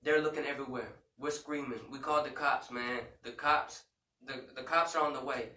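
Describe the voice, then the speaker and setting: Man, casual storytelling, emotional, filler-heavy, bright forceful voice, echoey room, faint noise. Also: mid-range voice, fairly even intonation, brisk. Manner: emotional retelling with many "you know" and "man" fillers. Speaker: podcast co-host. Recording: roomy echo, far from mic, faint background noise.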